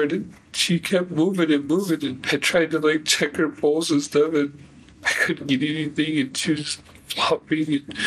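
A young man recounting events in a halting, flat way with many fillers, in a recorded interrogation. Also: fairly high pitch, a little hiss or hum, rough recording. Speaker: suspect giving a confession.

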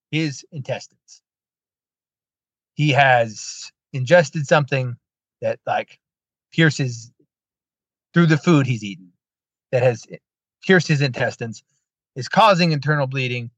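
Male podcast host, casual storyteller who acts out quotes with sarcastic asides. Higher-pitched, lo-fi dry recording. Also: a bit bright, no room sound. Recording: dull lo-fi dry sound.

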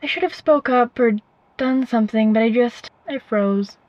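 A woman's voice: on the high side, moderate pace, darkish tone, no echo, lo-fi sound. A woman telling a first-person story in a wry, rambling, conversational way. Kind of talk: first-person fiction narration.

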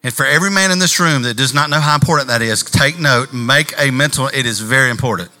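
Male pastor, sermon delivery, bright high-ish voice, faint music bed. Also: fast. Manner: animated preacher, shifting volume and pace.

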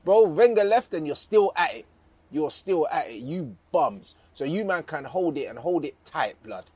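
A man's voice: fairly high pitch, big pitch swings, normal speed, darkish tone, breathy edge. A man with a slightly raised voice, talking casual football banter. He is scornful and taunting, with a lot of swearing and slang. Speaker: podcast co-host.

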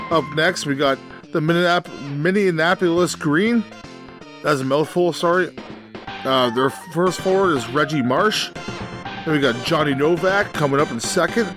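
A man from Canada co-hosts a gaming podcast. He teases his partner with dry, deadpan humor in a slightly raised pitch. Music plays clearly behind the talk. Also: moderate pace, pauses often. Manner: dry teasing jokes, deadpan list reading. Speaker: podcast co-host. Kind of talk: casual gaming podcast chat.

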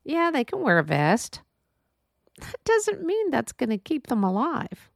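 Earnest mom with a gravelly voice. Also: female voice, sits high, huge pitch swings, unhurried, no echo, studio quality. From Texas. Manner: earnest, storytelling, acts out quoted voices. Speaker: podcast host. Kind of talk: heartfelt spoken monologue.

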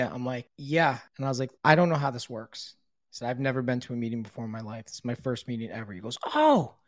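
A middle-aged man tells his story in a relaxed, conversational way, swearing freely and slipping into the voices of the people he quotes. His pitch sits in an ordinary male middle range. The sound is close and dry, with almost no room around him. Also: no room sound. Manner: blunt, swears often, acts out quoted dialogue. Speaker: podcast guest telling his recovery story. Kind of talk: casual storytelling.

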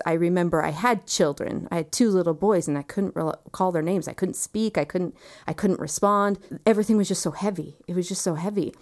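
A woman in her thirties, earnest and reflective, telling a personal story in conversation and often dropping quiet. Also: lowish voice. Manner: earnest and reflective, quiet moments with soft laughs.

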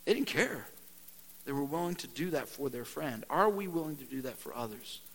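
A man preaching a conversational sermon. He keeps saying "man" and "right?", drops to a quiet, earnest tone, then turns loud and animated when he reads scripture. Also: medium pitch, normal speed, gravelly, big-room sound. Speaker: pastor.

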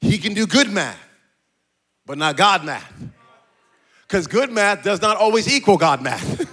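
A male pastor preaching a sermon in a sing-song cadence, building to shouts and breaking into jokey asides with laughter. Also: high voice, sing-song, measured pace, long pauses, breathy edge. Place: church stage.

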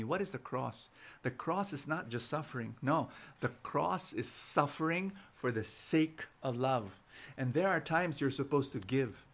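A man's voice: medium pitch, expressive, unhurried, fairly bright tone. A man, preaching an inspirational sermon and telling stories, often repeating words as he starts sentences. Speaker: preacher and show host.

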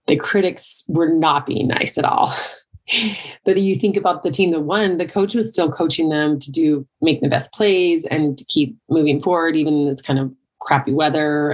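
Middle-aged woman coach, low husky voice with some fry, chatty motivational talk. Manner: conversational, with many "like" and "right?" asides. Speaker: triathlon and life coach. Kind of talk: motivational monologue.

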